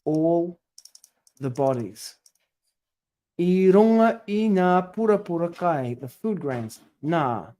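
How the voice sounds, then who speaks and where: A man's voice: a little high, animated, slow, warm tone. A man working through a translation aloud, tentative and self-correcting as he muses over each word. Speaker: scripture study presenter.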